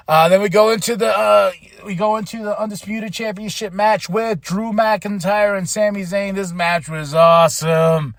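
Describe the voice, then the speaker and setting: A man with a fairly high voice talks through a casual podcast recap. He sounds emotional and rambles, restarting his sentences often, and the recording is dry and close. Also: fairly even intonation, measured pace, no echo. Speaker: podcast host.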